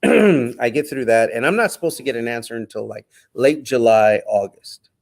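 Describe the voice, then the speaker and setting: A middle-aged man casually telling a personal story, animated and quoting others as he goes. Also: mid-range voice, moderate pace, creaky. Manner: animated, acts out quotes. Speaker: guest.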